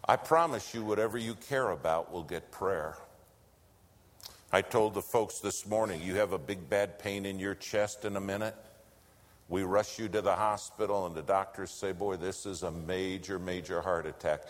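Deep-voiced man preaching in a hall. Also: normal speed. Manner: storytelling, swings from loud to hushed whispers. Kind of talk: sermon. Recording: long hall reverb.

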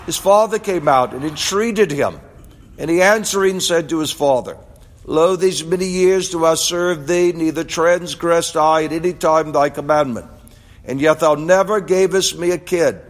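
Male pastor, high voice, unhurried, measured sermon delivery. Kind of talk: sermon with scripture reading. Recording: long reverb of a large hall.

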